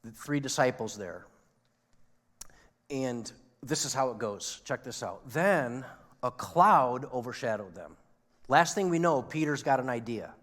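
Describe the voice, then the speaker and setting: Pastor preaching in a reverberant church. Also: male voice, mid-range voice, a little slow. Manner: conversational preaching with rhetorical questions. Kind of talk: sermon. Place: church sanctuary.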